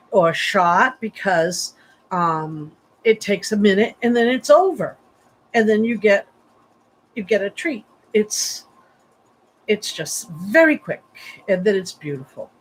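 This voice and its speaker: A woman talking as a psychic medium on a livestream, her voice at an ordinary middle pitch. She rambles in a loose, chatty way, full of fillers and restarts, and sounds sleepy. A faint hiss sits under her. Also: poor audio. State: sleepy, yawning. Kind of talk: livestream reading.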